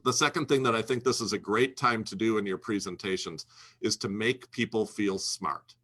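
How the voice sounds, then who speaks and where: A man's voice: fairly low pitch, normal speed, fairly bright tone, husky. A man speaking as a guest, coaching financial advisors in an emphatic, instructional way and repeating his key phrases. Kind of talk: instructional talk to a host.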